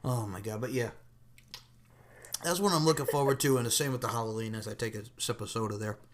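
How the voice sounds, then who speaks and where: A man's voice: medium pitch, quick pace. A man hosting a podcast in casual chat, joking and rambling as he talks. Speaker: podcast host.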